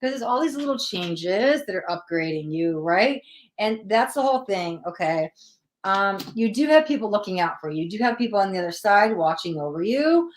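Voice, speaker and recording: A woman's voice: medium pitch, normal speed, slight background noise. Chatty woman giving a live tarot reading. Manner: chatty, animated, acts out quoted voices. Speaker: tarot reader. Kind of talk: live-stream psychic reading.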